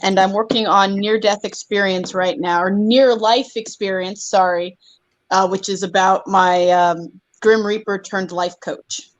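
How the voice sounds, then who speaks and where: A woman's voice: mid-range voice, steady tone, a little slow, rough recording. A woman writer in a casual video-call chat, talking in a hesitant, apologetic way with many fillers. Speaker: writer guest.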